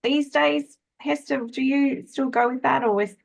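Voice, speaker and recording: A woman's voice: high voice, a little slow, creaky, rough recording. Inquisitive woman moderator. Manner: inquisitive, steers with questions. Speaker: webinar moderator. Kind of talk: moderating a panel discussion.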